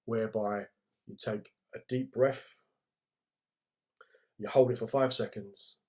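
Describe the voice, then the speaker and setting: A man's voice: on the low side, steady tone, slow, a little mellow. A middle-aged man with a London accent talks through a casual livestream. His manner is laddish and jokey, and he breaks off to read and answer viewer comments in a chatty way. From England. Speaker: comedian hosting a livestream.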